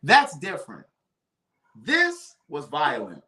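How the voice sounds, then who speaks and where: Man, casual live-stream storyteller, dramatic and over-the-top, lively bright voice, echoey room. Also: fairly high pitch, slow pace. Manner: dramatic, animated storytelling, piling up vivid adjectives.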